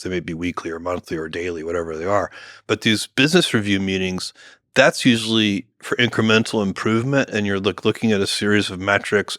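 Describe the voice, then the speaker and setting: A middle-aged man with a bright, clear tone and a voice sitting a little low, speaking in a measured, musing way and often restarting his sentences. The sound is dry and close. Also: no room sound. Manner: measured, thinks aloud with many "you know" fillers and restarts. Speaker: guest, company founder. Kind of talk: relaxed podcast conversation.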